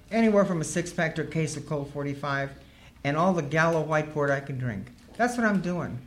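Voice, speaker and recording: A woman sharing her recovery story as humorous personal storytelling, earthy and wry, laughing as she goes. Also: lowish voice.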